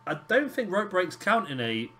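British male game commentator, slightly high voice, casual and excitable play-by-play. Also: normal speed, a little hiss or hum. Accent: British English. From Britain. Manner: excitable, calls near-falls with rising energy.

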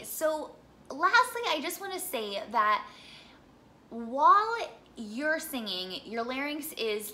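A young woman from the Midwest gives a singing lesson in a bright, clear voice that sits a little high. She talks in a chatty, encouraging way and demonstrates each vocal exercise as she goes. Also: slight background noise. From American Midwest. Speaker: singing teacher.

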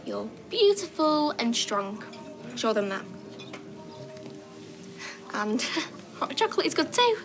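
A woman's voice: sits high, very animated, slow, long pauses, music in the background, full character voice. An actress playing a frank, caring woman who comforts a teenager bluntly. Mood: encouraging. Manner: blunt, encouraging. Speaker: soap opera character.

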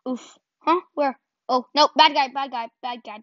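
A high-pitched woman who hosts a gaming channel talks through her game in casual, excitable bursts at a moderate pace, laughing at her own mistakes and firing off repeated words. The dull, lo-fi home recording sounds close and dry, with no room around it.

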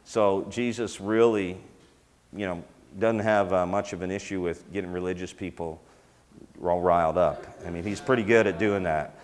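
A man's voice: low-pitched, steady tone, moderate pace. A man teaching in sermon style, talking conversationally with fillers and restarts. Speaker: teacher of a ministry school. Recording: long hall reverb.

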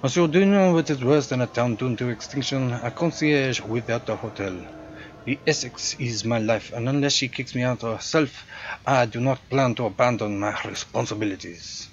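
A proud, dutiful French concierge, played by a man in a put-on French accent, courteous and theatrical with a morbid streak. The voice sits higher than his own, bright and projected. The sound is dull and lo-fi, with faint noise behind it. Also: moderate pace, close to an everyday voice. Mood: formal, theatrical. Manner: polite, theatrical, gleefully morbid.

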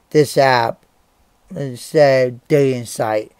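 A man's voice: medium pitch, steady tone, extremely slow, pauses often, darkish tone, clear, resonant tone, no room sound. An angry young man ranting to the camera as a vlogger. He swears often, stops mid-sentence and repeats himself. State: angry and upset.

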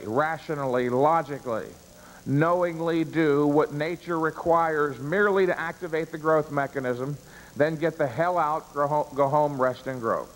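A man with a higher-pitched, slightly bright voice speaks a little slowly while delivering a live seminar lecture to an audience. He is emphatic, stressing key words and answering his own rhetorical questions. The room is reverberant, with a long echo.

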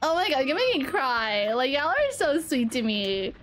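A woman's voice: high-pitched, sing-song, moderate pace, fairly bright tone, slight background noise. A young woman streaming a video game live, chatting with viewers and thanking them, and shrieking when something goes wrong in the game. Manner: bubbly, shrieks at danger, thanks chat. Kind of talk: live gaming commentary. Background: game music.

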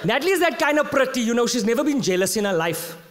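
A man's voice: very high voice, fast. A South African man doing live stand-up comedy. He tells stories with lots of energy and mixes Afrikaans slang into his English. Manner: animated storytelling, mixing Afrikaans slang into English.

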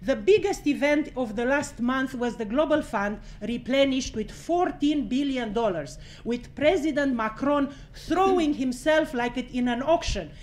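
A woman's voice: high-pitched, lively intonation, unhurried, hardly any pauses. A woman giving an impassioned, blunt address at a press conference, swearing freely and laughing between her points.

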